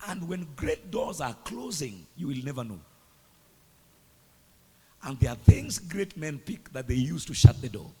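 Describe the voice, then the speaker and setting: A man preaches a sermon in a fairly high, raspy voice. His pitch leaps up and down. He swings between hushed and loud lines, and the long reverb of a big hall trails after each phrase. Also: very animated, a little slow, pauses often.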